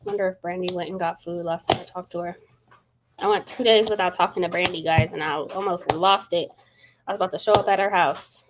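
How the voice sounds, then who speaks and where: A woman's voice: fairly low pitch, background noise. A woman hosting a casual book livestream, chatting to viewers, greeting them by name and laughing often. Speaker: book channel host.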